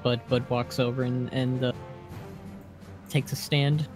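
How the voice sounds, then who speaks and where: A man's voice: mid-range voice, flat delivery, measured pace, over music. A man playing a tabletop game, casually describing what his character does. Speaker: player. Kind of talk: narrating own character's actions in a tabletop game.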